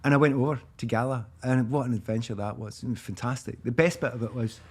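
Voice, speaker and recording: A man in his fifties with a Glaswegian Scottish accent, a guest telling lively anecdotes in casual chat and laughing often. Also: mid-range voice, fast talker. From Scotland, east end of Glasgow. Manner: animated anecdotes, acts out quoted voices, laughs often. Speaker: guest, former footballer.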